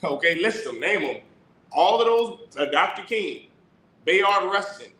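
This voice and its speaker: A man's voice: high-pitched, very animated, measured pace, sharp tone, reverberant, rough recording. A man teaching scripture in a sermon style, preaching emphatically with rhetorical questions and reading verses aloud. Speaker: teacher of a religious class.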